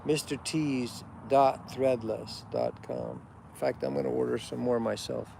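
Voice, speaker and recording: A man's voice: mid-range voice, steady tone, a little slow, creaky, darkish tone, slight background noise. A man hosting a casual livestream, ranting bluntly and preachily, swearing often. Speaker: livestream host. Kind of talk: casual unscripted rant.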